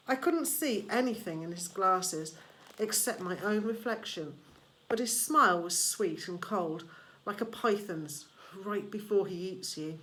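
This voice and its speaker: Slow, measured woman narrator. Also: medium pitch, expressive, fairly bright tone. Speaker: audiobook reader. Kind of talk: first-person novel narration.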